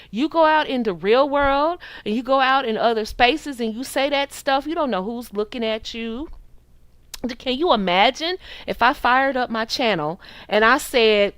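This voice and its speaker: A woman's voice: high-pitched, measured pace, smooth, no room sound. An American woman in her forties, a channel host giving preachy, sassy dating advice to camera. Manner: animated, preachy, with sassy quoted voices. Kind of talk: opinionated commentary to camera.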